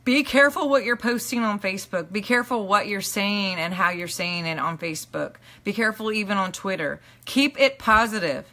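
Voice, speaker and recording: A woman teaching a live online class in an earnest, emphatic way, often checking in with her listeners and letting phrases drop low and soft at the end. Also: fairly quick, hardly any pauses. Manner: earnest, emphatic, repeats "okay?" to the audience. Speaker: teacher and minister. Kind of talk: live-streamed motivational teaching.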